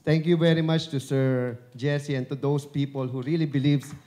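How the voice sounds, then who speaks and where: Filipino man, mid-pitched, mellow tone, speaking to an audience: chatty, encouraging, joking, on a handheld mic. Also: flat delivery, normal speed. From Philippines. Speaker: dubbing director and broadcaster giving a talk. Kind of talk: live speech at an event. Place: event venue before an audience. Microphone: handheld microphone held at the chin.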